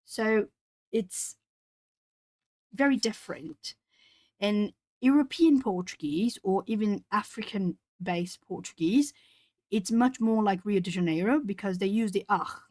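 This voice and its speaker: Brazilian lady rambling to chat while she colors, thinks out loud, dry close sound. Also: medium pitch, measured pace, no room sound. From southern Brazil. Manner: chatty, thinking aloud, answers viewer chat. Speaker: art streamer.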